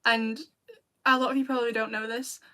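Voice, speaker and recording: A British woman's voice sits high and sounds bright and clear as she chats to her livestream viewers. She rambles through her thoughts and breaks into laughs often. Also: flat delivery, a little fast. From Britain. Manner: chatty and rambling, with frequent laughs. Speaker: video creator and streamer. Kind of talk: casual livestream chat with viewers.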